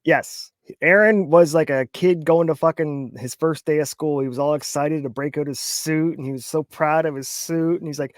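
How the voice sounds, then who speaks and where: A man's voice: fairly high pitch, steady tone, moderate pace, hardly any pauses, dry recording, studio quality. A man co-hosting a casual chat, arguing his point and cracking crude jokes. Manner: argumentative, crude joking. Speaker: co-host.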